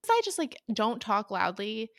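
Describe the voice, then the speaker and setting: A young woman in her twenties co-hosting a podcast, soft-spoken and hesitant, with many "like" and "I don't know" fillers. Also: medium pitch, very animated, moderate pace, dry recording, studio quality. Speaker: podcast co-host. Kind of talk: casual chat.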